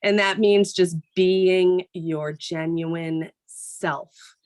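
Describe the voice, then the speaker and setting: A woman's voice: on the low side, fairly even intonation, very slow, darkish tone. A woman who anchors morning TV news, giving a casual motivational talk to a group in a plain, conversational way and often checking in with "right?".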